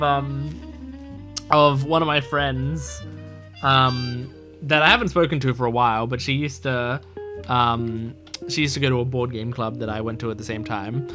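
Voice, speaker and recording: Bright-voiced man rambling through a game. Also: mid-range voice. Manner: rambling, full of fillers and restarts. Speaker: gamer playing a mystery game. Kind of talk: casual let's-play commentary, reading game text aloud.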